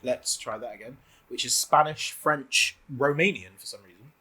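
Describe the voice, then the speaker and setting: A man's voice: mid-range voice, normal speed, pushed and bright, breathy edge, rough recording. Playful young man chatting over gameplay. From Southwest England. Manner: playful, sings and laughs along. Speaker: gaming co-host. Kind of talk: casual let's-play chat.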